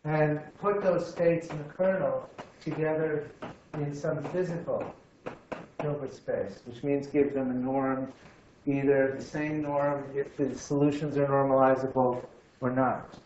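Male lecturer, halting and repetitive, dull and roomy recording. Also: mid-range voice, steady tone, a little mellow, a little hiss or hum. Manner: halting, repeats words, thinks aloud. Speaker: physics lecturer. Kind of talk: university lecture. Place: lecture room. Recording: echoey room, slightly dull sound.

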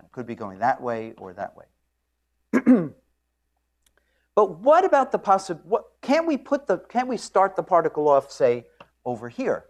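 Guy teaching physics, really lively up and down voice, jokey, keeps clearing his throat. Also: on the high side. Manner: animated, joking storytelling with frequent throat clearing. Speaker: physics lecturer. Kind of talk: classroom lecture.

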